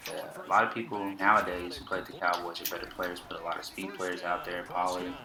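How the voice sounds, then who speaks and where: Laid-back Texan man with a deep voice. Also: level tone, quick pace. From Texas. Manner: laid-back, slangy, trash-talking. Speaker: gaming YouTuber. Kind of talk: casual game commentary. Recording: roomy with game crowd noise behind.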